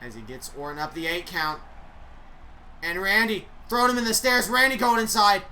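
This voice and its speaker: A woman giving excitable play-by-play commentary on a wrestling video game she is playing. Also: mid-range voice, normal speed, a little hiss or hum, low-quality recording. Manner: excitable, reacting aloud. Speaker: gaming YouTuber.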